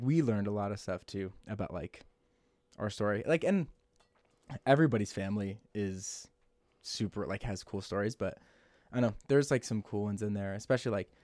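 A young man with a low-leaning voice chats loosely as a podcast co-host, quick to laugh and drop a curse. The recording is dry and close to the mic. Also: darkish tone, no echo. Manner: chatty, laughs often, swears. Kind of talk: casual podcast chat.

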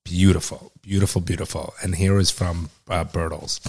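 A middle-aged man with a very deep voice chats loosely on a family podcast at home. He rambles, repeats himself and turns openly sentimental. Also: fairly even intonation, normal speed, creaky, hardly any pauses, darkish tone, slightly rough. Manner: emotional, rambling, repeats words. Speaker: podcast host, father. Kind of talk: casual family podcast chat.

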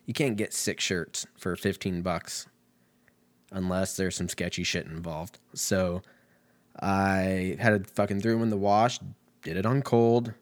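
A man ranting comically, swearing constantly, laughing often and drifting from tangent to tangent. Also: fairly low pitch. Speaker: comedian. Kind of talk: rambling comedic rant.

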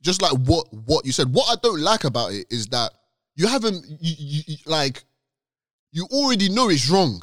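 A man's voice: on the high side, big pitch swings, fairly bright tone, no echo, clean studio sound. A man co-hosting a casual podcast, making his case insistently and acting out the people he quotes. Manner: quick, insistent, acts out quoted speakers. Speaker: podcast co-host.

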